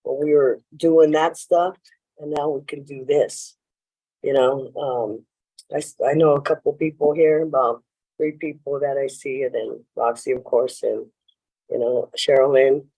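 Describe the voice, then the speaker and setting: A woman's voice: a bass voice, steady tone, a little slow, mellow, poor audio. A woman speaking at a recovery meeting, telling her story in a rambling way with lots of "you know" and acting out what people said. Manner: acts out quoted lines in her stories. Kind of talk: personal share at a meeting. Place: meeting room.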